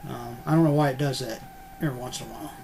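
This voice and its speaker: Recorded on a computer webcam with a touch of hiss or hum, this man speaks very fast in a mid-range, steady, slightly mellow voice. He's an unboxing vlogger who rambles casually over his collectibles, filling the gaps with ums and the odd swear word.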